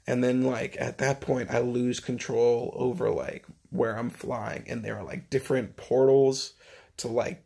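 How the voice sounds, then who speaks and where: A man's voice: medium pitch, vocal fry, breathy edge. A man casually recounting a story in a rambling monologue, swearing constantly and leaning on filler words. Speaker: vlogger recounting a dream.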